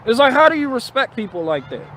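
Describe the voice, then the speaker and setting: A man with a notably high voice holds forth on a casual live stream. He talks bluntly and profanely, doubling back on his words as he builds his rant. A faint hiss of noise sits under the recording. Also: big pitch swings, fast talker, a bit bright. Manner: repetitive, restarting phrases.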